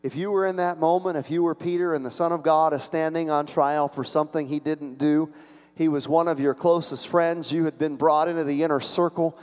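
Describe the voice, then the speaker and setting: A pastor preaching a sermon, telling the story dramatically and swinging between loud and hushed. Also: male voice, fairly high pitch, fairly even intonation, fairly quick, long reverb tail.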